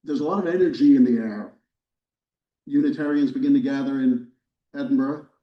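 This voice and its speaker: A man, a history professor, giving a relaxed, wry lecture to a church audience, with casual fillers and restarts. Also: medium pitch, brisk. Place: church hall, recorded live. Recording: roomy, distant, dull lecture recording.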